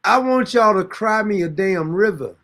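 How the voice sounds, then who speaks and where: Over music, a man with a high, lively voice hosts a casual livestream at normal speed. He rambles, pokes fun, laughs frequently, and occasionally turns to talk with someone next to him.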